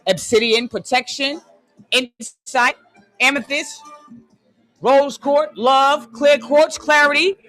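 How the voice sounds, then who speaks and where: Emphatic slow-talking livestream ranter. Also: high-pitched, fairly even intonation, faint music behind. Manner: emphatic, repeats "excuse me" and "hold on" often; swings between loud and hushed, drawls key phrases. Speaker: livestream host. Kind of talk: conspiracy rant on a live stream.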